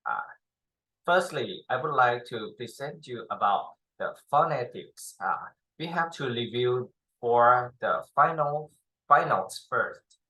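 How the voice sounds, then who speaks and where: A tutor runs a pronunciation drill lesson, speaking halting English with many pauses and modeling each sound for learners to repeat. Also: medium pitch, animated, pushed and bright. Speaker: Chinese tutor. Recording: echoey room.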